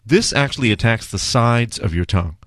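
A man with a medium-pitched voice talks briskly, recorded in clean studio quality with no echo. Hosting a food and beer show, he chats through a beer tasting in a relaxed way, dropping frequent "uh" fillers.

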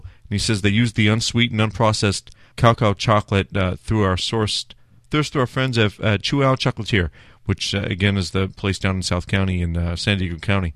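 Guy doing a laid-back beer tasting, lowish voice, lots of uhs, dry sound. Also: brisk, no echo. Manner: chatty, relaxed, with frequent "uh" fillers. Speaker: host of a food and beer show. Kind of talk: casual beer-tasting chat.

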